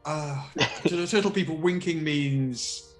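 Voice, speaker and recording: A man narrating a tabletop game as game master, animated and laughing, with many fillers. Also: fairly high pitch, measured pace. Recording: roomy echo with faint music.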